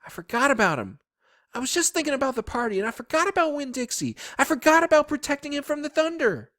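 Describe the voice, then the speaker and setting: A man reading a storybook aloud, voicing a young girl who shouts urgently and anxiously. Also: very high voice, very animated, quick pace, pitched above the performer's own voice, heavily acted.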